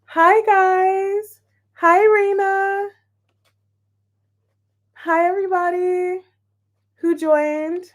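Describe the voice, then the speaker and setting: A woman's voice: very high voice, flat delivery, very slow, pauses often. A woman hosting a tarot livestream, chatting casually and giggling as she greets viewers by name.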